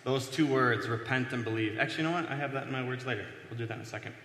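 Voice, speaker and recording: A man's voice: mid-range voice, rapid-fire, a bit bright, a little hiss or hum. A male pastor giving a casual, conversational sermon at a whiteboard, self-deprecating and full of fillers. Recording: echoey hall with long reverb.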